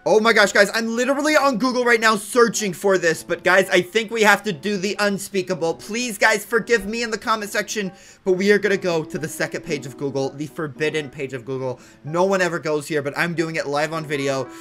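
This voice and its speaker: A young man in his twenties, a gaming YouTuber giving excited, jokey commentary with bursts of mock outrage. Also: high-pitched, brisk, hardly any pauses, faint music behind.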